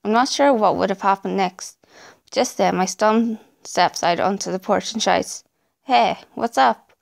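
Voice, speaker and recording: Gravelly woman narrating creepy stories. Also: medium pitch, normal speed. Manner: dramatic storytelling. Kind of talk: scripted narration.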